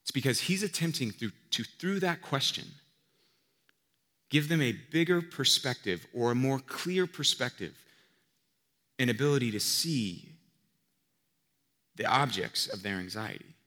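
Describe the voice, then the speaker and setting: A man preaching a sermon in a conversational way, asking rhetorical questions and swinging between loud emphasis and quiet asides. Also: mid-range voice, lively intonation, a little slow, pauses often. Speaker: pastor. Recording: long reverb of a large hall.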